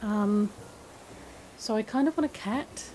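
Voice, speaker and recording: A woman chatting casually while playing a game, with many restarts and a soft, hesitant way of talking. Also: medium pitch, slow pace, slight background noise, low-quality recording. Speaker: gaming video creator. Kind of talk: casual gameplay commentary.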